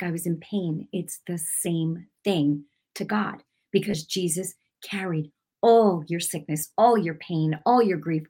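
A woman telling a personal testimony to a congregation, emphatic and chatty, swinging from hushed to loud. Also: fairly low pitch, husky. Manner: casual with many fillers like "like". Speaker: speaker giving a testimony.

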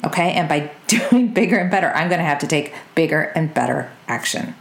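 A lower-pitched woman talks straight to her listeners as a business coach, energetic and direct. She keeps checking in with them as she goes, and her voice rings in an echoey room. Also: brisk, vocal fry. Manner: energetic, direct, says "y'all" and "okay?" often. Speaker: business coach and podcast host. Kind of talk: motivational podcast talk.

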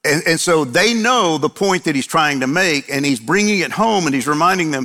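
A man's voice: fairly high pitch, expressive, moderate pace, hardly any pauses, bright, forceful tone. A male preacher delivering a sermon, driving points home with repeated phrases and rhetorical questions he answers himself. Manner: emphatic repetition and rhetorical questions. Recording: long hall reverb.

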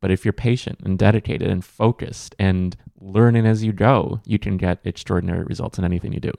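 A man's voice: low voice, fairly even intonation, brisk, creaky, mellow, dry recording. A man co-hosting a casual podcast, talking in an earnest, motivational way with the odd corny joke. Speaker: podcast co-host.

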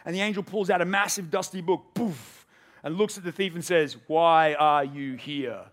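A pastor preaches to his congregation in an earnest, storytelling way. His voice sits a little on the high side and he slips into the voices of the people in his story. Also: fairly quick, fairly bright tone. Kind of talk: sermon. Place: church service with a congregation.

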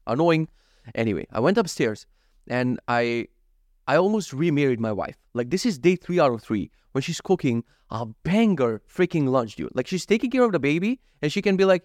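Here a man in his thirties with a fairly high voice speaks a bit quickly in a casual vlog about his day. He tells animated stories, curses frequently, and dramatizes what he was thinking, all captured in echo-free studio sound.

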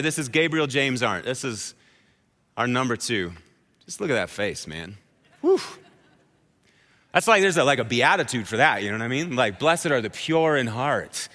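Male pastor, 30s, sermon, bright forceful voice, echoing hall. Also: mid-range voice. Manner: storytelling, conversational and animated. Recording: hall reverb.

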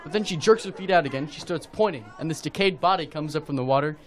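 An actor playing a casual teenage boy who tells a story in an animated way. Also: on the high side, fast talker, some chatter behind, slight background noise, natural voice. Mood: storytelling. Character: teen boy Kurt, laid-back and easily spooked. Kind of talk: audio drama acting.

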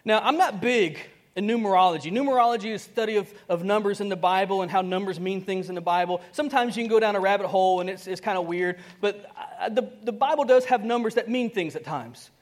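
Preaching at a quick pace with few pauses, this pastor's voice sits high. His sermon is conversational and animated, full of acted-out dialogue, sudden soft-to-loud swings, and frequent chuckles.

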